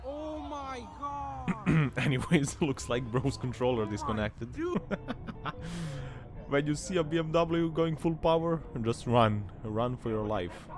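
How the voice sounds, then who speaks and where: A man, hosting a commentary over car crash clips, laughing often and bursting into loud excited exclamations. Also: medium pitch, unhurried. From Serbia. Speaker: host. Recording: voice-over with clear traffic noise. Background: car and road sounds from the clips.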